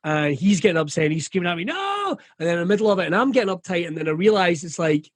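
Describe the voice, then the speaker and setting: Sweary, animated Scottish man. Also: high-pitched, very fast, no echo. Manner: animated, sweary, acts out quoted voices. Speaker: comedian guest. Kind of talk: candid conversational interview.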